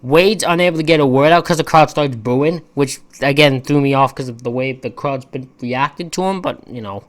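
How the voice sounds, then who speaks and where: A man's voice: medium pitch, moderate pace, few pauses. A man giving a casual, rambling wrestling-show recap, full of opinionated and exasperated asides. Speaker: wrestling reviewer.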